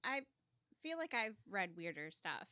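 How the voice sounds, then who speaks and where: Woman podcast host, mid-pitched, dry close sound, easy chatter, quick to laugh. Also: clear, resonant tone, no echo. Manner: relaxed, chatty, laughs often. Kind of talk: casual chat.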